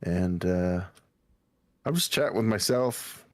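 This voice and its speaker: A man's voice: sits low, lively intonation, slow, a little mellow, no echo. A man co-hosting a podcast, chatting loosely and rambling at the end of a long stream. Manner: rambling, loose, tries out silly voices mid-sentence. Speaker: podcast co-host. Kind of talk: casual late-night chat.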